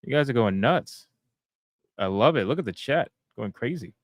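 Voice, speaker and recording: A man's voice: mid-range voice, lively intonation, normal speed, no echo, clean studio sound. A man joining a livestream as a guest, joking and mocking himself in an upbeat, casual way. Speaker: guest streamer.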